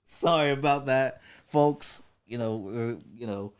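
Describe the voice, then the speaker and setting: A podcast co-host in casual chat, animated and sweary, laughing often and derailing the conversation. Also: mid-range voice, measured pace, clear, resonant tone.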